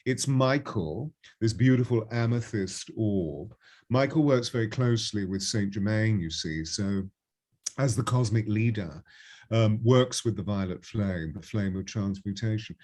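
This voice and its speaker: A man's voice: lowish voice, measured pace, a little mellow. A man speaking as a spiritual guest on a live call-in show, effusive and flowery, calling callers darling.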